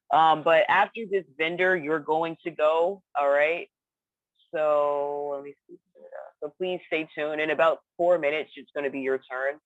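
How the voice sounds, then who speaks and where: A man's voice: on the high side, fairly bright tone, dry recording. A man hosting an online open mic, chatty and upbeat, calling up the next acts over a video call. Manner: chatty, upbeat, scattered with fillers. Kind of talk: casual hosting. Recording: dull lo-fi dry video call audio.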